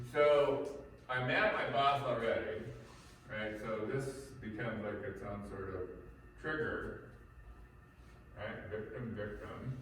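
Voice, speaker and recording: A man's voice: fairly low pitch, slow pace, long pauses, a bit bright. A male instructor giving an informal lecture to a class, rambling and conversational, with lots of fillers and restarts. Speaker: martial arts and life-skills instructor. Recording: echoey room from far off, faint noise.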